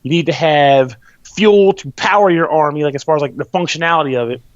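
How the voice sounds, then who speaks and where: A man's voice: a little high, a little fast, no room sound, highs cut off. A man hosting a podcast, explaining a game in rambling, loose and profane casual chat. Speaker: podcast host reviewing a game.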